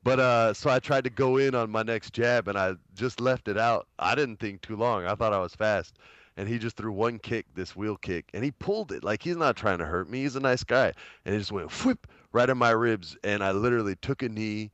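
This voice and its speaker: Lively chatty man, low voice, dry sound. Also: brisk, no echo, dull audio. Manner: animated, chatty, uses lots of fillers. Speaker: guest, actor. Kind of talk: casual storytelling interview.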